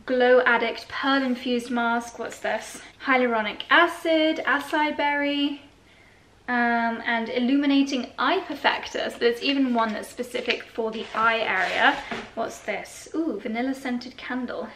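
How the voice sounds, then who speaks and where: A woman's voice: a little high, unhurried, a bit bright. A young woman talks to her camera in a bubbly, gushing way, full of little exclamations. She sounds slightly out of breath. A faint hiss of noise sits under the recording. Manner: chatty, enthusiastic, lots of exclamations. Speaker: vlogger. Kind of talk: casual vlog chat.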